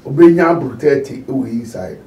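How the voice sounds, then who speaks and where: A man's voice: medium pitch, brisk, warm tone. A man hosting a casual chat, telling stories animatedly and mixing Twi and English. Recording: distant mic with faint noise.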